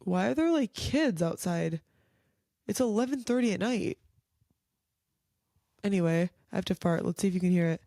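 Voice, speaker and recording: A woman's voice: medium pitch, lively intonation, normal speed, long pauses, mellow, dry recording, clean studio sound. A woman hosting her own show, ranting bluntly at home late at night, tired and swearing freely with lots of filler likes. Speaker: podcast host. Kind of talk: casual solo rant.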